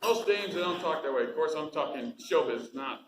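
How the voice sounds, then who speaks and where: A quick-talking, flirtatious comedian, played by a man, his voice pitched high and bouncing all over the place. He trades jokes in eager patter. The sound is roomy, with steady noise underneath. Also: natural voice. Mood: flirty. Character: wisecracking male comedian, eager second banana. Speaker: comedian character. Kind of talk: stage drama acting.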